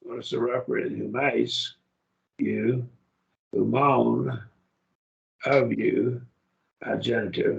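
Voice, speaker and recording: Slow, gravelly male Greek teacher, lo-fi classroom recording. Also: mid-range voice. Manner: slow, repeats words aloud to model pronunciation. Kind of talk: classroom lecture. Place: church classroom.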